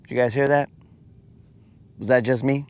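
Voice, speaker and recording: A man's voice: moderate pace, smooth. A man hosting a fishing livestream, chatting casually and animatedly with viewers in slang and acting out quoted voices. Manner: animated storyteller, slangy, acts out quotes in a higher voice.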